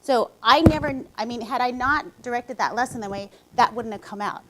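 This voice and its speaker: A woman's voice: a little high, moderate pace, heavy background noise. A woman educator co-presenting at a teacher training, sharing a classroom anecdote and prompting the audience to discuss.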